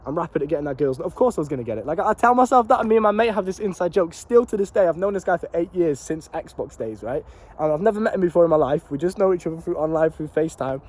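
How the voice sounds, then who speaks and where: Young guy, quick slangy delivery, fairly high voice; casual motivational vlog. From Britain. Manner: animated and swearing, slangy and repetitive. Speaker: vlogger and life coach.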